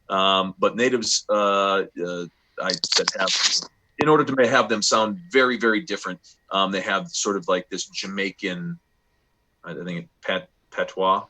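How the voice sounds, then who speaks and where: Guy running a tabletop game, lowish bright voice, rambly with lots of uhs. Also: poor audio. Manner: rambling, many fillers, laughs easily. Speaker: game master.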